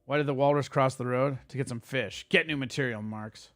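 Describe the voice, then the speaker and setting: A man hosting a casual livestream, ranting at his chat in a quick, profane and heated way. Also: mid-range voice, a bit bright, no room sound, clean studio sound, faint music behind. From Italian heritage. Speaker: streamer host.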